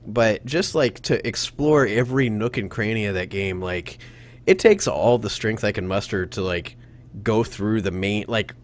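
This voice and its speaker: Rambling low-voiced man on a podcast. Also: normal speed. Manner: rambling, animated when quoting himself, laughs often. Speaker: podcast host. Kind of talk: casual gaming podcast chat.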